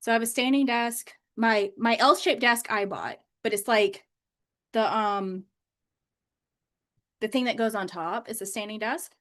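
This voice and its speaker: A bubbly woman talks casually to a live stream, her voice sitting a little high. She keeps the tone loose and chatty, tossing in plenty of fillers as she talks from her home office. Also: measured pace, fairly bright tone. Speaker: manifestation coach.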